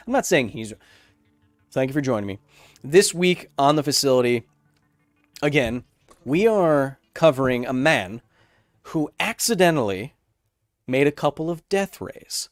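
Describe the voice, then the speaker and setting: Male streamer in his thirties, mid-pitched, animated, dry close sound, faint music behind. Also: measured pace, pauses often, dry recording. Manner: animated, joking, rambling. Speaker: science YouTuber hosting a livestream Q&A. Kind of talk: casual livestream chat.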